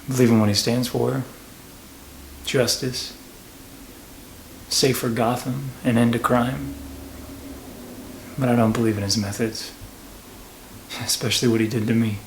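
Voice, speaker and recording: A man playing a struggling working-class henchman and father, talking in halting, stammering bursts in a mock documentary interview. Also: mid-range voice, steady tone, a little hiss or hum, lightly acted. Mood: rueful. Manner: halting, stammering, full of restarts.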